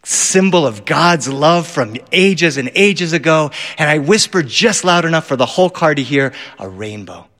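Animated male storyteller in a reverberant hall. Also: fairly high pitch, normal speed, few pauses. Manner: animated, acts out voices, bursts into shouts. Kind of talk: live storytelling performance.

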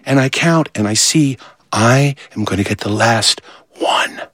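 Man, storyteller, comic tale, animated, bright voice, dry close sound. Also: normal speed, no echo. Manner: animated, acts out voices, big swings in pitch. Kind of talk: comic childhood story told to an audience.

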